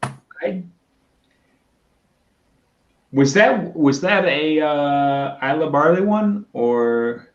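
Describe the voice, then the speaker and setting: A man's voice: on the high side, animated, very slow, pauses often, reverberant, dull audio, a little hiss or hum. A man co-hosting a casual livestream, swearing freely and apologizing often while reading out chat. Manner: profane, apologetic, reads chat aloud. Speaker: co-host on a whiskey stream.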